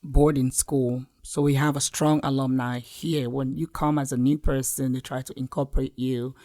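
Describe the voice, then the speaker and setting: A woman's voice: rumbling low, level tone, normal speed, mellow. A woman from Cameroon with a Cameroonian accent, talking earnestly as a podcast guest in a casual interview.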